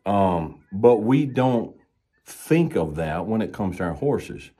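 A man who teaches about horses, talking in a folksy, storytelling way and slowing down to stress his points. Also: lowish voice, big pitch swings, warm tone, husky. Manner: folksy, storytelling with slow emphasized pauses. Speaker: horse trainer and instructor. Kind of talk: relaxed explanatory talk.

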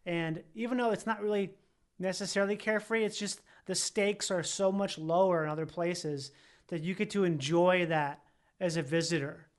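A man with a high speaking voice chatting casually on a podcast. He rambles, restarts his sentences and corrects himself as he works his thoughts out aloud. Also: fairly even intonation, normal speed. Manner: rambling, self-correcting, laughing. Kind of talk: casual chat.

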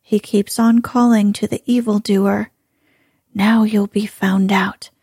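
A gentle old grandmother speaks in a soft, coaxing whisper, as a woman reading a storybook puts her on. The voice is breathy and mellow, a little higher than usual, and very slow. It is a whispered role-play recorded close and dry. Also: level tone, dry recording.

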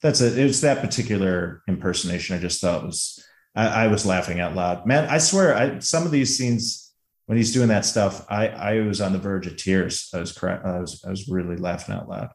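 A man's voice: low-pitched, normal speed, echoey room. A man co-hosting a casual movie podcast, talking enthusiastically and laughing as he retells favorite scenes. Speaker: podcast co-host.

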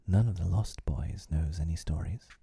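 A man voicing a boastful, cunning boy who never grows up, in a breathy, whispered role-play. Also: sits low, normal speed, warm tone, no room sound, clean studio sound, full character voice.

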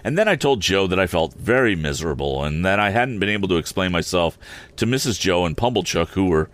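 A man reading a classic novel aloud, expressive, with occasional slips he corrects. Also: low voice, a little fast. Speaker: audiobook reader.

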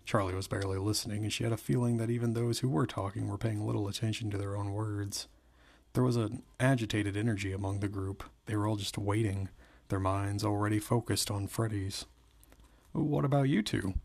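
A man narrating a novel aloud in a steady, measured way. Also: fairly low pitch, gravelly.

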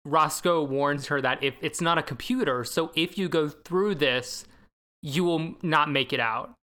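A woman's voice: sits low, measured pace, fairly bright tone. A woman co-hosting a podcast, recapping a film in casual chat and acting out the characters' lines as she goes. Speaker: podcast co-host.

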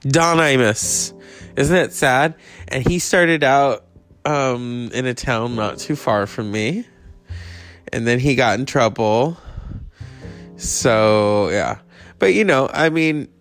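Male podcast host, gravelly, unhurried, meandering monologue. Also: mid-range voice, a bit bright. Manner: rambling, meandering, many fillers.

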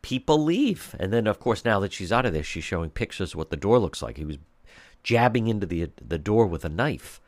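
A man's voice: low voice, expressive, a little fast, no room sound. A man hosting a talk radio show, delivering an indignant monologue full of rhetorical questions and mocking impressions.

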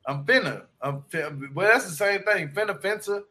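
A man's voice: high voice, animated, normal speed, pushed and bright. A man from Louisiana with a Shreveport accent, chatting casually, laughing often and swearing freely. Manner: laughs often, loose and profane. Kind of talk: casual chat.

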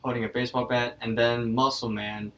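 A man's voice: mid-range voice, flat delivery, brisk, a bit bright, distant mic, poor audio. A young man co-hosting a podcast, casually retelling a cartoon episode and often restarting his sentences. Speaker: podcast co-host. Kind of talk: casual episode recap chat.

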